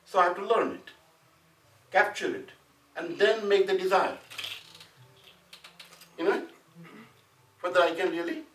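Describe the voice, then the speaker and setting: A man's voice: high voice, fairly bright tone. A man from India teaching a Sanskrit class, talking loosely and conversationally and often checking with the students that they follow. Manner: conversational, often asks "you know what I'm saying?". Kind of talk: classroom lecture with discussion. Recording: echoey room, mic at a distance, faint noise.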